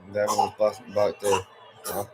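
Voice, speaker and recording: A man doing live fan commentary on a football match, excitable and chatty, breaking into shouts on big moments. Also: on the low side, normal speed, heavy background noise. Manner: excitable, rises to shouts on goals, chatty asides to a baby.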